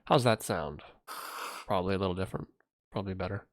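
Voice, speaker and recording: A man with a lowish voice talks casually on his livestream from a home setup. He mumbles and thinks out loud, half to himself, as he adjusts his desk microphone. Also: quick pace. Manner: mumbling, thinking aloud while fixing his audio.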